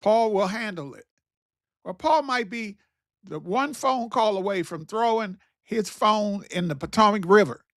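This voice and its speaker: A man's voice: high voice, lively intonation, unhurried, fairly bright tone, dry recording, studio quality. A man hosting his own talk show, speaking in a casual, preachy monologue that repeats its key phrases. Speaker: podcast host.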